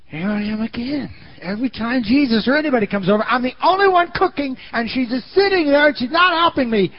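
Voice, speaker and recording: A preacher voicing a frustrated, bossy older sister who complains in a shrill, raised voice. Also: male voice, lively intonation, a little fast, dull audio. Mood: resentful.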